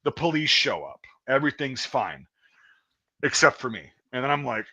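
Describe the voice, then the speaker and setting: A man's voice: medium pitch, very animated, normal speed, pushed and bright, low-quality recording. A man in casual chat, telling a long story in a rambling, profane way with many restarts. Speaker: guest storyteller.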